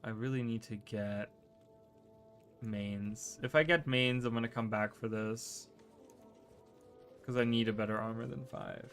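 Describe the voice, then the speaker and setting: A man's voice: lowish voice, steady tone, a little slow, pauses often, a bit bright, soft background music. A man streaming a game, chatting casually with his viewers, rambling, tripping over his words and restarting sentences while playing. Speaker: gaming streamer. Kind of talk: casual livestream chat while gaming.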